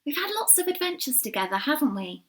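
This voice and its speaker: A woman voicing an eager little male country bunny in a storybook reading, bouncy and high. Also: big pitch swings, fast, fairly bright tone.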